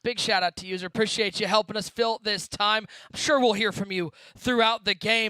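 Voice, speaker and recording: High-voiced man calling plays. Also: brisk, few pauses, smooth. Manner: excitable, shouts on big plays. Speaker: esports commentator. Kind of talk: play-by-play commentary.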